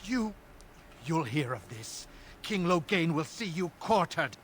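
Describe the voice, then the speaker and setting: An actor playing an indignant human noble who speaks in a haughty, outraged way. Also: male voice, fairly high pitch, big pitch swings, unhurried, a bit bright, a little hiss or hum.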